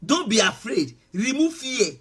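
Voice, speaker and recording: A man preaches with a high, lively, animated voice that rises into shouts and drops into hushed asides. His tone is bright and forceful with a husky edge. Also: a little slow. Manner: emphatic preaching, shifting between shouts and soft asides. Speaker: pastor. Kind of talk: sermon.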